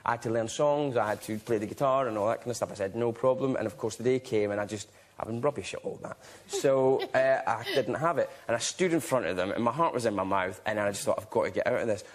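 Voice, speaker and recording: A man's voice: medium pitch, fast talker, hardly any pauses. A man, a talk show guest who tells a story with energy and acts out his own lines. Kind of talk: anecdotal chat. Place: TV studio.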